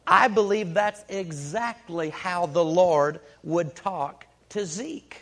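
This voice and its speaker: A man preaching a sermon, telling a folksy story in an unhurried way with many fillers. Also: sits high.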